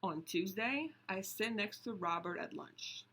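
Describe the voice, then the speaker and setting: Slow, breathy woman reading a picture book. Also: medium pitch, animated, bright, forceful tone. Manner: slow, deliberate, pausing to point out pictures. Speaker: storybook reader.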